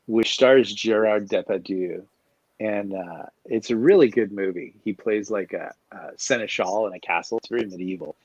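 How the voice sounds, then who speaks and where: A man co-hosting a podcast, chatting casually in meandering, soft-spoken asides. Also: on the low side, moderate pace, no echo, dull audio. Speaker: podcast co-host. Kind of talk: casual chat.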